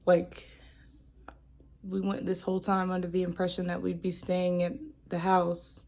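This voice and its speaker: A young woman crying on and off as she talks to her camera. Her voice is mellow and dark, with a gravelly fry running through it, and she rambles and restarts as she talks. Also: fairly low pitch, completely flat delivery, measured pace. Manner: emotional, tearful, rambling. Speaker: vlogger. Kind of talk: personal vlog, talking to camera.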